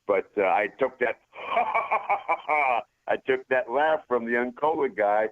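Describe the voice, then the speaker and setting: Laid-back middle-aged guest over a tinny phone line, easy storytelling. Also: male voice, medium pitch, moderate pace. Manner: relaxed, laid-back, says "man" often. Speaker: guest, former wrestler. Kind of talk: casual storytelling.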